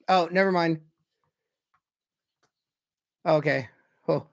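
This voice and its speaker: A young man calling a hockey game casually as a fan, excitable and often correcting himself about player names. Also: on the high side, moderate pace, gravelly, no room sound, studio quality. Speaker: fan commentator. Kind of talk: casual play-by-play commentary.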